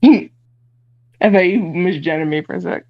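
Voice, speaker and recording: A woman's voice: on the low side, normal speed. Woman guest, short offhand replies, muffled lo-fi call audio, headphones. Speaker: musician guest. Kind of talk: casual online interview. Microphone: headphones on a video call.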